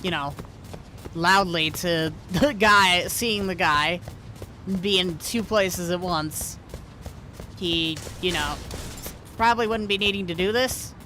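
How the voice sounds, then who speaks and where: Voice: mid-range voice, slow pace, pauses often, bright, forceful tone, a little hiss or hum. A streamer casually reading video game dialogue aloud, with wry asides.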